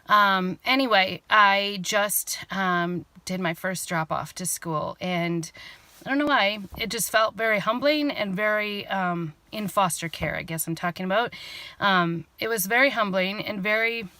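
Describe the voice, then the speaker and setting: A woman's voice: mid-range voice, unhurried, bright, forceful tone, dry recording. A middle-aged woman, vlogging from inside her truck, tearful and rambling with many fillers. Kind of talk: casual vlog monologue.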